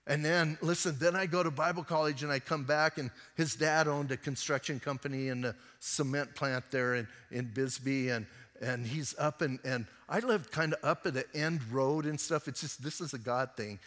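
A pastor preaching a sermon, a man with a fairly high voice who tells stories in a conversational way. His delivery swings between emphatic and hushed. The recording carries the long reverb of a church hall. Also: a little fast, few pauses.

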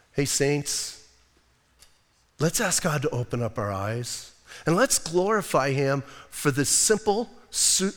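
A man preaching a sermon as pastor, casual and lively, asking the congregation questions as he goes. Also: fairly high pitch, long reverb tail. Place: church.

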